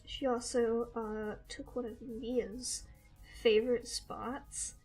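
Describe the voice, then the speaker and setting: This livestream host has a slightly high, somewhat bright, husky voice and takes her time, with faint music behind her. She chats casually while drawing on stream, pausing between comments to firmly scold a kitten.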